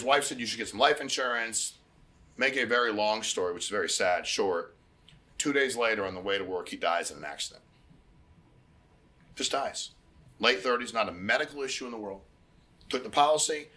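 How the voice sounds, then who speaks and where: A middle-aged man hosting a recruiting meeting, giving a casual motivational pitch and telling stories with quoted dialogue. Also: bright, forceful tone. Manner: conversational, storytelling with quoted dialogue, repeats phrases.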